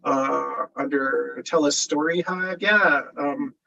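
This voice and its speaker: A man chatting on a video call after a table read, quick to laugh and full of fillers and restarts. His voice sits a little high. It comes through muffled and somewhat distant. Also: creaky, sharp tone, soft background music. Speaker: filmmaker and actor.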